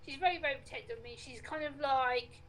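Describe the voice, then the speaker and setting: A woman guest chats casually and tells everyday stories full of quoted dialogue. Her voice sits high, and there is a faint hiss in the background. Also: fast talker, poor audio. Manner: chatty, recounts talks with lots of quoted dialogue. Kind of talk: casual chat, storytelling.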